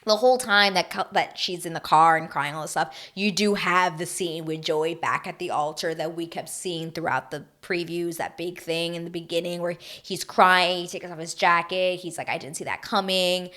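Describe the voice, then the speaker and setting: Young female vlogger, slightly low voice, gushy and rambling as she recaps a show. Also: fairly even intonation, moderate pace, few pauses, a bit bright. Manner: chatty, gushing, filler-heavy with emotional asides. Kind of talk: casual reality TV recap.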